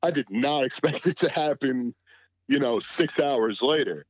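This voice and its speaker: A man's voice: mid-range voice, expressive, a little slow, dry recording. Laid-back guy guesting on a sports podcast, lots of you knows, dull lo-fi sound, dry. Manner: laid-back, lots of "you know" fillers, laughs easily. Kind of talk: casual sports chat.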